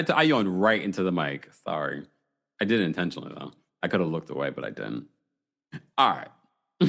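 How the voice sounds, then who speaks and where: A man hosting a casual live recap show who reads out viewer comments, laughs often and reacts with animated surprise. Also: mid-range voice. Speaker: podcast host reading live chat. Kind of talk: casual reality-TV recap chat.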